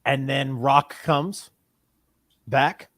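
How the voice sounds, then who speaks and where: A man co-hosting a casual podcast, telling stories with lively delivery. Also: medium pitch, extremely slow, no room sound, studio quality. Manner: animated storyteller acting out movie scenes. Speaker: podcast co-host. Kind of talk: casual chat.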